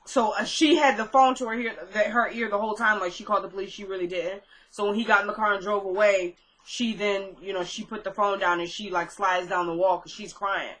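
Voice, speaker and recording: A woman's voice: mid-range voice, steady tone, brisk, few pauses, a bit bright, poor audio. A woman casually recapping a TV drama episode, retelling scenes with quoted lines and her own chatty asides. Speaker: recap vlogger.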